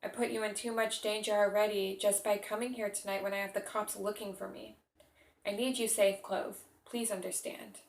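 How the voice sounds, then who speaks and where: A woman's voice: mid-range voice, flat delivery, moderate pace, gravelly, reverberant, lightly acted. Woman reading as a troubled young man. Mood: pleading.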